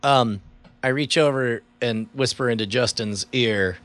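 A man's voice: medium pitch, a little slow, fairly bright tone. A man playing in a comedic role-play, talking in a hesitant, playful and goofy way. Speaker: player.

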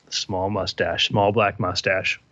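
A man's voice: low-pitched, level tone, measured pace, pushed and bright, no room sound. A man narrating a comedic tabletop game as game master, with dry, offhand asides. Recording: dull, lo-fi podcast audio.

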